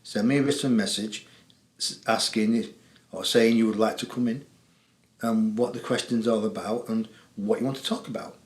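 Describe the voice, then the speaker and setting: A man's voice: lowish voice, steady tone, moderate pace, echoey room. An English man hosting a spiritual call-in show, talking to viewers in a chatty, jokey way and laughing often. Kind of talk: casual monologue to viewers.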